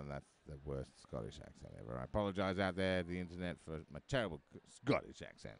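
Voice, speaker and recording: A man's voice: low voice, big pitch swings, moderate pace, hardly any pauses. A man giving live roller derby commentary, chatty and full of joking asides.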